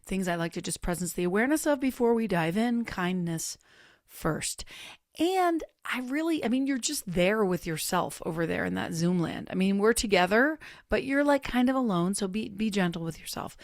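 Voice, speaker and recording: A woman's voice: medium pitch, expressive, moderate pace, no echo, clean studio sound. A woman hosting an online creativity gathering from her home, talking in a playful, self-mocking, upbeat way. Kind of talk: casual spiritual group talk.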